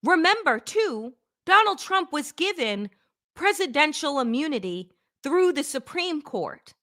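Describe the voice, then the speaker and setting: A woman's voice: high-pitched, big pitch swings, measured pace, sharp tone. A woman hosting a political talk show, delivering blunt, emphatic commentary with sarcastic asides and swearing.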